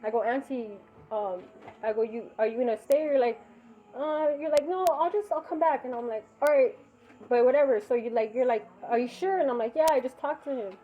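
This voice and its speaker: A woman's voice: a little high, brisk, warm tone. A woman casually telling a personal story as a mother, acting out the dialogue and swearing freely. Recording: dull lo-fi recording.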